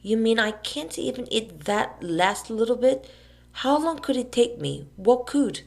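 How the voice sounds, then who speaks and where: A woman voicing a stubborn, excitable young boy in a storybook reading, pitching her voice up and calling out eagerly. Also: a little slow, gravelly, full character voice. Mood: pleading. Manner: shrill, yelling triumphantly.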